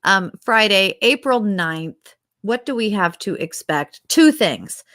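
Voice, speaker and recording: A woman co-hosting an astrology podcast, talking in an animated, enthusiastic and rambling way. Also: medium pitch, slow, no echo. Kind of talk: casual chat.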